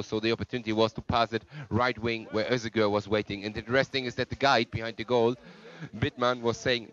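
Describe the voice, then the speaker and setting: A man's voice: mid-range voice, fairly even intonation, normal speed, fairly bright tone. A man doing live sports co-commentary in broken, non-native English, chatting about the players between calls. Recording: lo-fi, muffled sound.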